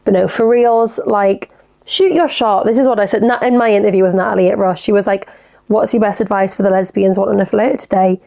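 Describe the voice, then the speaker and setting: Young woman, casual podcast chat, frank, animated, gravelly fry. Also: mid-range voice, fairly quick. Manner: chatty, frank, sweary, animated. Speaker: podcast host. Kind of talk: casual solo podcast chat, reading listener dilemmas.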